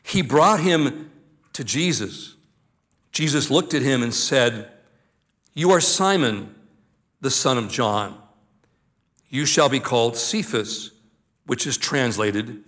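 A grandfather who is a pastor preaches in a mid-range, fairly bright voice. After reading a scripture passage aloud, he teaches from it at a slow, deliberate pace, emphasizing important words.

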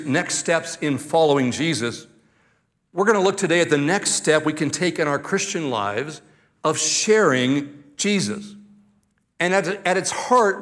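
An older man delivering a sermon from the pulpit, his voice sitting a little higher than most men's. He reads scripture and then explains it, slowing right down to lean on the words that matter. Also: fairly bright tone. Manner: reads scripture then preaches with deliberate slowed emphasis. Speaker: pastor.

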